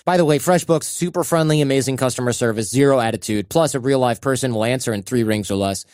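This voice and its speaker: A man's voice: mid-range voice, fast talker, darkish tone, no echo, studio quality. Chatty male podcast host reading ads. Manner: chatty, acts out little quoted voices. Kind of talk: casual ad read with banter.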